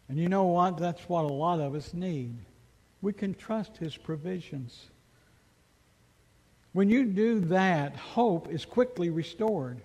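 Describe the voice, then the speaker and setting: Male pastor, high voice, unhurried delivery, emphatic sermon with rhetorical questions, echoing hall. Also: animated, a little mellow, slightly rough. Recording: long reverb of a large hall.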